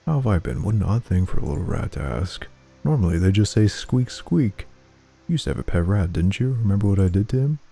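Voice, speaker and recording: A man's voice: sing-song, brisk, creaky, dark tone, husky, faint music behind, full character voice. A man voicing a cruel, unstable young woman who mocks her brother in a sing-song way. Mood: taunting. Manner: taunting, sing-song, shrill when upset.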